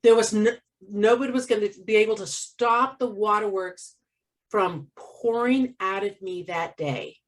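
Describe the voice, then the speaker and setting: Her voice sits at a medium pitch and moves unhurriedly, recorded from afar. She's a co-host in a relaxed chat, telling a story from her own life with animation, often laughing and imitating how others spoke.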